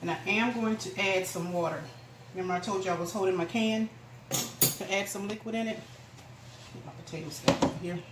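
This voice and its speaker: A woman's voice: mid-range voice, brisk. A woman giving a casual home cooking demonstration, chatting homily to her viewers in her kitchen. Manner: homey, chatty, addresses viewers as "y'all". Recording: echoey kitchen with background noise.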